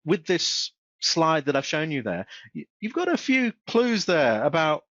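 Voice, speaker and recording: Guy doing a webinar, kinda high voice, stumbles and repeats himself a lot, dull dry sound. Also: big pitch swings, a bit bright, no room sound. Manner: halting, repeats words and restarts often. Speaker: webinar presenter. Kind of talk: casual instructional webinar. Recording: dull, dry close-mic recording.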